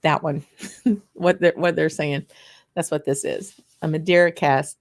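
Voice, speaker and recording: Woman, low voice, chatty livestream host, rambling, laughs often. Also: steady tone, a little slow. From Louisiana, USA. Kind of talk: casual live tasting chat.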